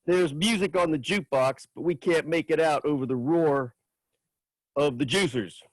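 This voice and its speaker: A man reading a chapter of his own novel aloud at a writers' open mic, in steady, measured first-person narration. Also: on the high side, dry recording.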